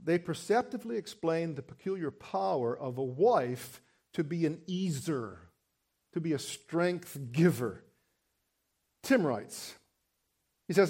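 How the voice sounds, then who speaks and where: Emphatic preaching man, slightly high. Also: animated, a little slow, long pauses, a little mellow, slightly rough. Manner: emphatic preaching with rising, exclaiming peaks. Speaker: pastor. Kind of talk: sermon.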